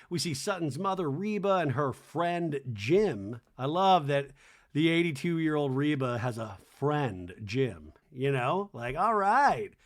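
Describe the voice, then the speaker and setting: A man hosting a podcast, giving a casual, comedic TV recap in a rambling, animated way with lots of "like". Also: a little high. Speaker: podcast host.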